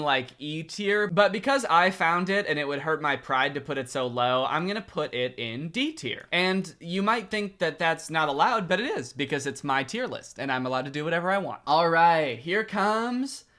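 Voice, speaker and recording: A man's voice: a little high, lively intonation, moderate pace, few pauses, bright, forceful tone. A young man chatting casually as a vlogger, wry and self-mocking as he ranks pictures. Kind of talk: casual commentary ranking pictures.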